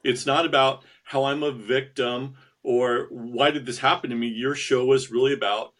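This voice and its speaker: A man speaks as a guest in an online interview, sincere and determined. His voice sits in a middle pitch, and he talks with small restarts. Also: fairly even intonation, moderate pace, a bit bright. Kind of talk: interview storytelling.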